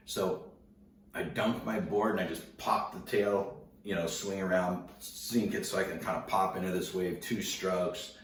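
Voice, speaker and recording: A man casually telling a story to an audience, laid-back and slangy, animated as he recounts it. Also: low-pitched. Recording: roomy, distant mic, faint noise.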